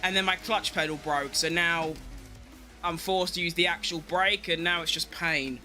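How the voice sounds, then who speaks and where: A young man giving excitable live commentary on his racing game, talking to himself and swearing at rivals and his car. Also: fairly high pitch, moderate pace, faint music behind. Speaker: game streamer.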